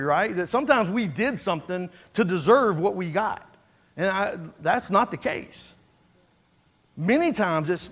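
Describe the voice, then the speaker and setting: A man with a high voice preaches a sermon and talks to his listeners like he is chatting with them. He often repeats and restarts his words and keeps asking them rhetorical questions. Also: fairly bright tone. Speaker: pastor.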